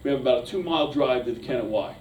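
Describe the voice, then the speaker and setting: A man giving a motivational speech, telling a story with animated energy that builds to shouting at its peaks. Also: medium pitch, racing, dull audio, a little hiss or hum. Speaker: motivational speaker. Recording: echoey room from a distance.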